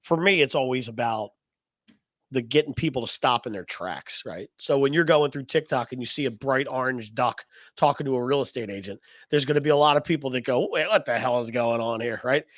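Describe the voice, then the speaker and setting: A man's voice: mid-range voice, fairly quick, a bit bright, no echo. Teasing man with a dry sound. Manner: teasing, wisecracking. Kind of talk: casual podcast banter.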